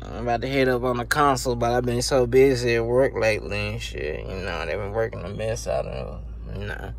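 A man's voice: mid-range voice, a little fast, gravelly, slight background noise. A man ranting casually and profanely to camera about video games, laughing often, recorded on a phone. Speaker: gaming YouTuber.

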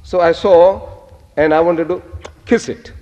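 A man's voice: fairly high pitch, measured pace, highs cut off. Older man lecturing in an echoey hall. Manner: animated, quotes Arabic phrases. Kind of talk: public lecture with storytelling.

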